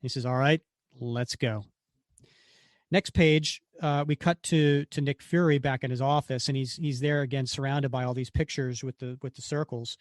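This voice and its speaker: Man excitedly recapping a comic. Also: medium pitch, moderate pace, few pauses, no room sound, studio quality. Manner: retells panels acting out the characters' lines. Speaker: podcast co-host. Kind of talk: casual comic book recap.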